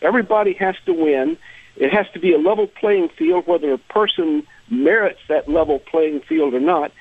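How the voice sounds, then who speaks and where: A man from the American South rants emphatically down a tinny phone line, stumbling over repeated words before driving his points home. His voice is gravelly and husky, and it rises and falls with lively swings in pitch. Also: normal speed, no room sound. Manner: emphatic ranting, repeats words when starting sentences. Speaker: caller. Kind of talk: call-in radio talk.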